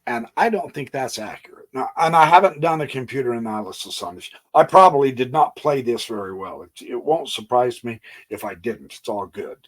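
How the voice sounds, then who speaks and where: A man hosting his chess channel who talks through a game on a board, thinking aloud in a folksy way with homey exclamations and swinging between quiet asides and emphatic bursts. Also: medium pitch, lively intonation, fairly quick, hardly any pauses. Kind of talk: casual game walkthrough on a physical board.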